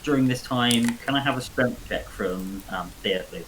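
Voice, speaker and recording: A man narrating as dungeon master in a casual game on a voice call, relaxed and swearing now and then. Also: medium pitch, moderate pace, slight background noise, low-quality recording. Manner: laid-back, laughing, swears casually.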